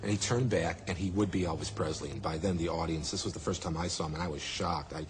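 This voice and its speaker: A man's voice: low voice, quick pace. A man in a documentary interview, animatedly retelling a story and acting out how people reacted.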